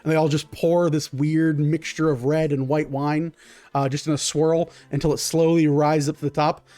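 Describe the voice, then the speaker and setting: A man's voice: on the high side, flat delivery, moderate pace, mellow, dry recording. A man narrating a tabletop game as game master, describing scenes in a rambling way with many fillers.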